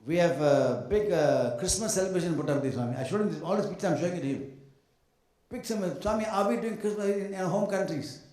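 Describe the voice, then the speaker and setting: A man giving a devotional talk to an audience of devotees, telling anecdotes in an animated way, mimicking other people and adding joking asides. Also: high-pitched, quick pace. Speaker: speaker addressing devotees. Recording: echoey hall sound.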